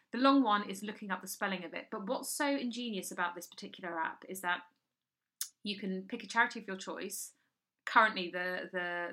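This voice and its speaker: Woman, comic co-host, rambling deadpan storyteller, bright tone. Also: on the low side, gravelly. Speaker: comedy podcast co-host. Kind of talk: improvised comic chat. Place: house in London.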